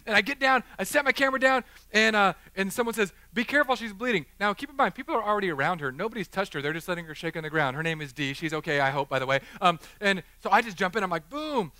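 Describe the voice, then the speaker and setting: Middle-aged male pastor, funny and animated, preaching with a forceful, bright tone. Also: high voice, fast talker, hardly any pauses, dry recording. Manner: animated, joking, acts out the people in his stories. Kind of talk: sermon with storytelling. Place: church chapel.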